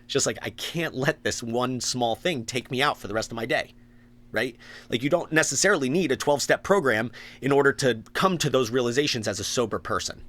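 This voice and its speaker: A man's voice: mid-range voice, lively intonation, fairly quick, a bit bright. A man co-hosting a podcast, talking earnestly about recovery, swearing and acting out his own thoughts. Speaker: podcast co-host. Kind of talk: casual recovery talk.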